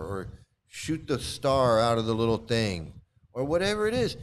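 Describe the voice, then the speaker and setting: A man hosting a casual commentary video, talking in an animated, mocking way that jumps into high exclamations. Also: normal speed, a little hiss or hum. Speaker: commentary host.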